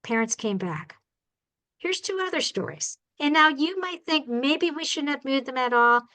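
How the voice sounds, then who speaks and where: Chatty female bird rehabilitator, high voice, animated storyteller who checks in with the room. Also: moderate pace, low-quality recording. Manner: animated, acts out the people and birds in her stories; chatty, asks the audience "all right?". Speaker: bird rehabilitator giving a talk. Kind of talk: storytelling talk to a club.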